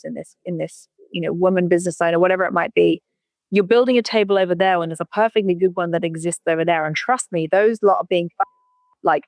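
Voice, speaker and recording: A woman's voice: lowish voice, dry recording. A woman, a company founder, chatting as a podcast guest in a blunt, emphatic way and swearing casually. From United Kingdom. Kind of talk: casual interview chat.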